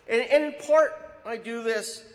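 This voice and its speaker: A man giving an anecdotal history talk, an animated storyteller who acts out the quotes he tells. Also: very high-pitched, a little slow. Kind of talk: anecdotal lecture. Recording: hall with long reverb.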